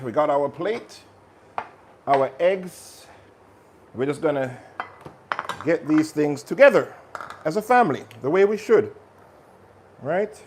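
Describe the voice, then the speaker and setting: A lively man hosts a casual cooking stream and keeps up an upbeat patter with his viewers. His voice sits a little on the high side. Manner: energetic, chatty, talks to viewers directly. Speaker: cooking channel host.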